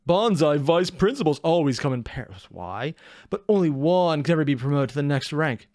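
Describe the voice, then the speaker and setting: A man's voice: on the high side, animated, normal speed, a little mellow, no room sound, studio quality. A man hosting a reaction video, giving casual, wry running commentary. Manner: chatty, wry asides.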